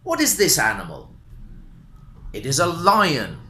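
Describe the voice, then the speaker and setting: A man teaching a beginner language lesson, speaking slowly with a lot of repetition and animated intonation. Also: fairly high pitch, a little hiss or hum. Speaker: English teacher. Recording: roomy echo.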